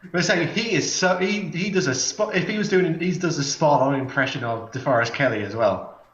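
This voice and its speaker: A man with a somewhat high voice hosts a casual chat, rambling and hesitant, circling back to restart his thoughts. His voice sits in a roomy space. The recording is dull and lo-fi. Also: fairly quick, fairly bright tone. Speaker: podcast host. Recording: echoey, dull lo-fi sound.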